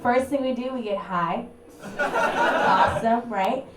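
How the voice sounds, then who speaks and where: A woman's voice: fairly high pitch, takes it slowly, crowd noise. Brassy young woman doing stand-up. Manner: brassy, punchy delivery with sudden loud bursts. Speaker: stand-up comedian. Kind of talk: stand-up comedy set. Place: small apartment room with a live audience. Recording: echoey room recorded from far off. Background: audience laughter.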